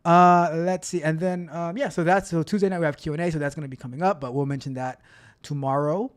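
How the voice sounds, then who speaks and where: A man hosting a casual tech livestream, talking to his chat in an upbeat, chatty way. His voice sits a little high. He often repeats phrases and trails off while reading comments. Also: fairly even intonation, quick pace. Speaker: livestream host and tech coach.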